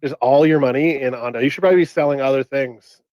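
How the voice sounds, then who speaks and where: A man's voice: mid-range voice, fast, no echo, muffled recording. A man co-hosting a casual podcast, talking in a laid-back way with many fillers. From Canada. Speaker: podcast co-host.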